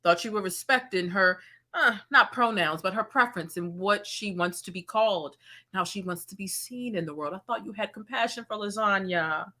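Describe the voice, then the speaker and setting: A woman's voice: medium pitch, moderate pace, sharp tone. A woman hosting a livestream commentary, reading super chats and making sarcastic, mocking asides. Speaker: commentary channel host.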